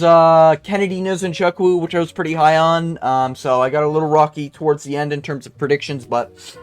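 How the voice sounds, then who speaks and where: A young man from Canada ranting casually and bluntly about fight results, crude and rambling with lots of fillers. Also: fairly high pitch. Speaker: MMA commentator reviewing fight results. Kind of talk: casual profane rant.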